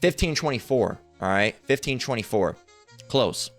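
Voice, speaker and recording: A man's voice: mid-range voice, animated, normal speed, vocal fry, fairly bright tone, faint music behind. A man giving an informal Bible teaching, hesitant and full of fillers, who keeps checking in with "all right?". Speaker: religious teacher. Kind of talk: informal Bible teaching over screen share.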